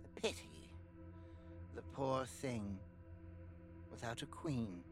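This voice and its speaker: A game master voicing a cold, contemptuous female insect queen with mantis claws, speaking in measured, aloof tones. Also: mid-range voice, very animated, over music.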